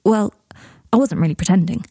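A woman voicing an awkward, earnest young man who talks in a hesitant, hushed way in a storybook reading. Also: medium pitch, fairly quick, breathy edge, dry recording, studio quality.

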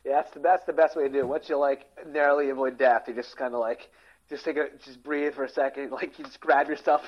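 A man's voice: mid-range voice, fairly even intonation, fast. A man from the Philadelphia area in his forties, chatting casually and rambling with many restarts. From Philadelphia area, USA. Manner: rambling, hesitant, full of restarts. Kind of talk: casual chat. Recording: dull lo-fi sound.

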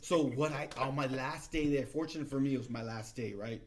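A man telling travel stories in casual chat, animated and acting out the people he quotes. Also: mid-range voice, fairly quick, slight background noise. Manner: animated storytelling, acts out quoted voices.

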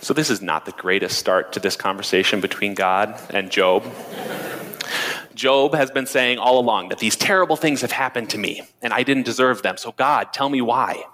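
A man's voice: fairly low pitch, moderate pace, bright, forceful tone. A man preaching a sermon as pastor, retelling a story and asking the congregation directly. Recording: sermon played back with hall reverb.

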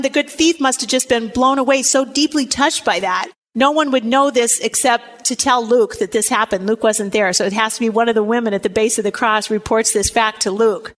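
A woman giving a Scripture study lecture, explaining calmly and reading Bible passages aloud. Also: on the high side. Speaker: Bible teacher. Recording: long hall reverb.

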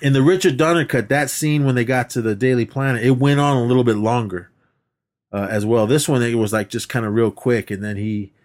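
A man's voice: medium pitch, brisk. Laid-back man recapping a movie. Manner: rambling, laughs often, acts out quotes. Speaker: podcast co-host. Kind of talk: casual movie recap chat.

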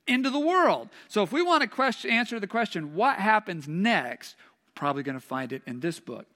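Middle-aged male preacher, light high tone, self-mocking storyteller, long church echo. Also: sharp tone. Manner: humorous, self-deprecating storytelling. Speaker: pastor. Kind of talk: sermon with personal story.

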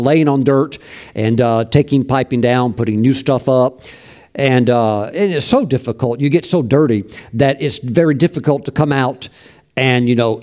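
A man's voice: mid-range voice, warm tone. A middle-aged male preacher telling a personal story in a folksy sermon, with many fillers.

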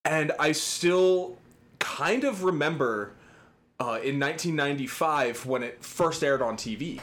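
A man's voice: medium pitch, a bit bright. A man co-hosting a podcast in casual chat, laid-back and teasing, swearing freely. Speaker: podcast co-host.

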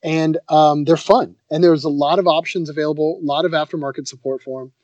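An enthusiastic, laid-back man chatting casually as a podcast co-host, his voice sitting a little high. The sound is dry and somewhat dull and muffled. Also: fairly even intonation, brisk, a little mellow, no echo. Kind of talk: casual chat.

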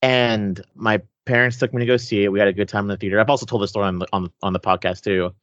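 A low-voiced man from Texas chatting on a podcast. He rambles and corrects himself as he tells a story. His lo-fi mic sounds dull and dry. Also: fairly even intonation, fast talker, fairly bright tone, no echo. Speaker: podcast co-host. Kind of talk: casual movie podcast chat. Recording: muffled lo-fi mic.

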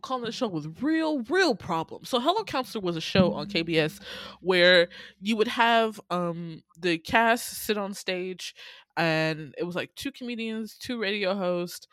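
A woman's voice: lowish voice, dry recording, clean studio sound. A woman co-hosting a podcast, telling stories in loose, profane casual chat full of slang.

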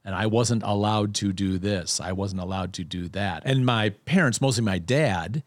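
A man's voice: on the low side, moderate pace, no echo. A man in casual conversation, telling a self-deprecating childhood story with lots of restarts.

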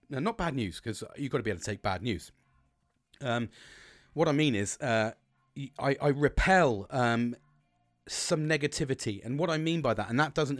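Sweary, lively British man. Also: mid-range voice, no room sound. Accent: British English. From Britain. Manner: sweary, rambling, upbeat. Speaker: podcast host. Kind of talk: casual solo podcast chat.

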